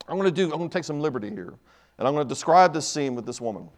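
A man's voice: a little high, animated, racing. A man preaching a sermon in church, emphatic and repetitive, building his points in rising bursts.

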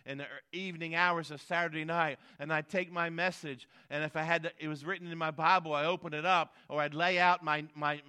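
A pastor preaching a sermon, building emphatic swells and dropping low at the end of phrases. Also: male voice, bright, forceful tone.

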